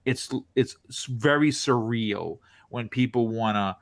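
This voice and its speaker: A man telling stories as a podcast guest in casual chat, with a distinctive voice, animated and full of restarts. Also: mid-range voice, measured pace, dry recording. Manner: animated, lots of restarts, acts out quoted reactions. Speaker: podcast guest, content creator.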